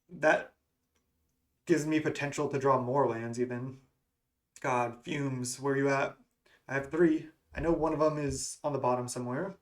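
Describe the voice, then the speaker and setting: A man talking through his moves as he plays an online card game, musing and questioning himself as he goes. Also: fairly high pitch. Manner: musing, self-questioning strategy talk. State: has the hiccups. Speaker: gaming content creator. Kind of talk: thinking aloud during card game play.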